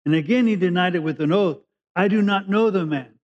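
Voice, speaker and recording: A man from California preaches a conversational sermon, reading verses and then unpacking them in plain words. His voice sits a little high, and he leans on key words as he goes. The recording is dull and lo-fi. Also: brisk. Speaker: pastor. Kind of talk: sermon, Bible teaching.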